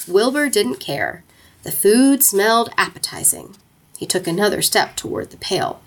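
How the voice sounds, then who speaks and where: Expressive woman reading a storybook aloud. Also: mid-range voice, moderate pace, vocal fry. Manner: expressive, playful. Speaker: narrator.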